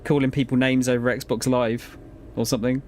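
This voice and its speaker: A man's voice: medium pitch, level tone, moderate pace, a little mellow, slight background noise. A man chatting casually to viewers during a live game stream, rambling and laid-back with frequent swearing and laughter. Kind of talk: casual live-stream chat while gaming.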